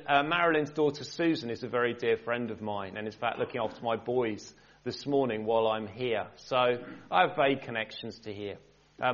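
A man's voice: mid-range voice, a bit bright, dull audio. Man in his forties giving a church testimony. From England. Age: 40s. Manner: conversational, with light joking asides. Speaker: minister. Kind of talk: personal testimony in a church talk.

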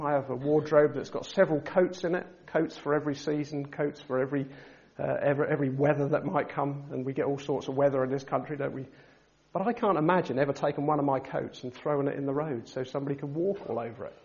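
A man preaching a sermon, asking his listeners rhetorical questions and building to loud, emphatic passages. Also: fairly high pitch, fast, lo-fi sound.

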